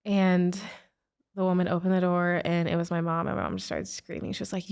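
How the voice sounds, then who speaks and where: Gravelly low-voiced woman telling her story. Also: little pitch movement, fairly quick, darkish tone. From United States. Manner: emotional, recounting with many "like" fillers. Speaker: guest, author and speaker. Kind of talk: personal storytelling in an interview.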